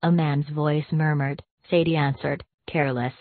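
A woman giving a measured, expressive audiobook reading of a classic short story. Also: sits low, no room sound. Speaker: audiobook narrator. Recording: tinny, dry, phone-like sound.

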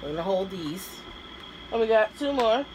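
A woman's voice: mid-range voice, expressive, normal speed. Chatty woman vlogger, noisy recording. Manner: chatty, hesitant, many fillers. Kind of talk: casual taste-test vlog.

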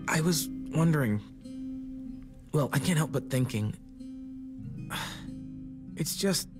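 A man's voice: a little high, expressive, slow. A man voicing a self-doubting, joking young man in a video game, speaking wryly and hesitantly, with game music behind. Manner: wry, hesitant, self-deprecating.

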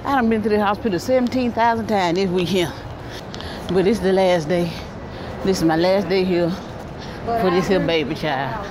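A woman's voice: fairly low pitch, moderate pace. A worn-out middle-aged woman with a Southern US accent, chatting to her viewers as she walks through a hospital with her phone. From Alabama, US. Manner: chatty, talks straight to viewers while walking. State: tired, worn out. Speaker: vlogger. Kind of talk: casual handheld vlog chat. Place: hospital corridors and rooms, indoors. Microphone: handheld phone. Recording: noisy hospital ambience.

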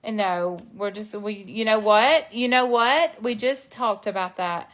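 A woman's voice: mid-range voice, measured pace. Woman, casual live chat, reassuring and folksy, phone mic. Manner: soothing, reassuring, folksy talk. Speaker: live stream host.

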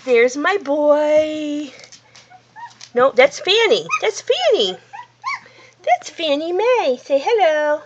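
A woman with a high, swooping voice coos baby talk to her puppies and repeats each phrase. She talks slowly, and the phone recording sounds dull, with plenty of noise underneath. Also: sing-song. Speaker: dog owner talking to her puppies.

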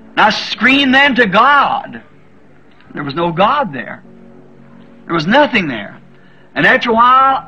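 A man's voice: high voice, bright, forceful tone. A man in his fifties preaching a sermon, telling a story with feeling and crying out as he repeats the prayers he made. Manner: emotional storytelling, cries out in the quoted prayers. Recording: dull lo-fi sermon recording.

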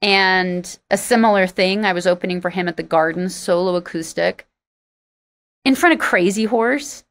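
A woman's voice: on the low side, normal speed, fairly bright tone. A singer-songwriter woman, a guest in an interview, telling stories animatedly and laughing often. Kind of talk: storytelling interview talk.

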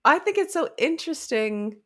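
A woman's voice: high-pitched, very animated, moderate pace. A woman co-hosting a casual book discussion podcast, retelling scenes animatedly and laughing often. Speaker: podcast co-host.

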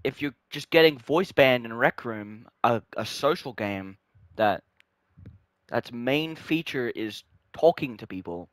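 A man's voice: medium pitch, expressive, a little slow, dry recording. A young man ranting in frustration about a game, swearing often and sinking into weary resignation. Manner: frustrated, swearing, trailing off deflated. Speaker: gaming vlogger. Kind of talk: angry gaming rant.

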